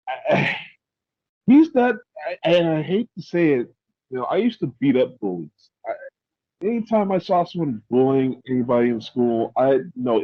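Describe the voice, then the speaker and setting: A man hosting a podcast, chatting casually in a rambling, halting way with many restarts. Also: on the high side, breathy edge, no room sound, muffled recording. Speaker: podcast host. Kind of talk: casual opinionated chat.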